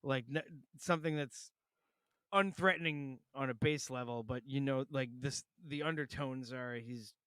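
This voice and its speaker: A man's voice: medium pitch, normal speed, fairly bright tone, clear, resonant tone, dry recording, clean studio sound. A man co-hosting a podcast in casual chat, retelling a film's scenes with lots of swearing and laughter. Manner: swears freely, laughs often, mocks movie lines. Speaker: podcast co-host.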